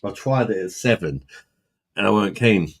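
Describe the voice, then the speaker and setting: A man's voice: fairly low pitch, animated, moderate pace. A man hosting a casual live stream, chatting with viewers in a blunt, sweary way and laughing often. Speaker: livestream host reading chat.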